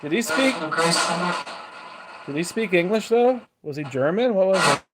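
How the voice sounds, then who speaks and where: A man's voice: sits high, animated, moderate pace. Man coaxing spirits over hiss. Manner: coaxing, talks to spirits in questions. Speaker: paranormal investigator. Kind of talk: casual ghost box session talk. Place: house, indoors.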